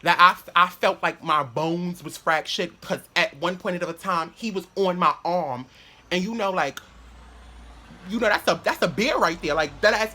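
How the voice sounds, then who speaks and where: A young man telling a story to his viewers in an animated, rambling way, full of slang, swearing and restarts. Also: sits high, normal speed, a little hiss or hum. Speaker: vlogger. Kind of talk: casual storytelling to camera.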